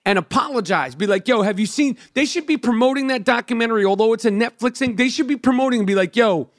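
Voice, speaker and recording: A man's voice: very high voice, animated, quick pace, no room sound, clean studio sound. A man in casual chat, ranting heatedly with lots of swearing.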